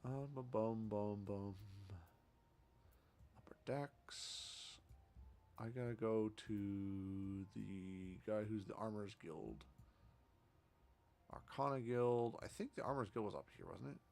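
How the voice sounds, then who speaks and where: A man's voice: fairly low pitch, slow, vocal fry, pauses often, darkish tone. A man streamer giving casual, rambling gameplay commentary, talking to himself as he plays.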